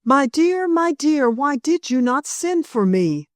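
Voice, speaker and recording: A woman's voice: high-pitched, very animated, slow, no echo, clean studio sound, heavily acted. A woman voicing an anxious young lady who pleads and holds back tears.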